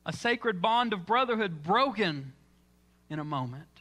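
Bright high-voiced man preaching. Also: lively intonation, a little slow. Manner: dramatic storytelling, acting out quoted lines. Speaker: pastor. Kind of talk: sermon. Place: church.

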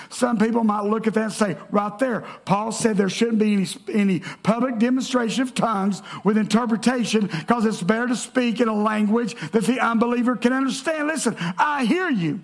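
Male pastor, sermon, storytelling, high voice, gravelly edge. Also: fairly quick, few pauses. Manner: storytelling, reading scripture aloud.

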